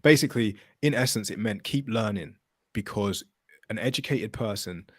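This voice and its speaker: A man hosting a podcast, talking in an animated, casual way, swearing and telling stories with acted quotes. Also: on the low side, normal speed, no room sound, clean studio sound. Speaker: podcast host.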